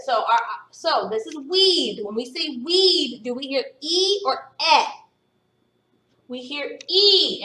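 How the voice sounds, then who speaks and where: Patient woman phonics teacher, unhurried and encouraging, heard from a distance. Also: sits high, pushed and bright. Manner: patient, encouraging, sounds words out slowly. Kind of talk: phonics lesson to young students. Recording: echoey room, voice from a distance.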